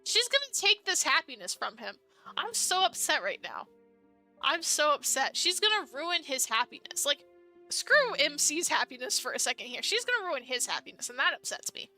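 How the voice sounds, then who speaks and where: Bright-voiced young woman streamer, exasperated. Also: high voice, big pitch swings, moderate pace, faint music behind. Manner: exasperated, fangirling outbursts. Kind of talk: reading a dating sim aloud with reactions.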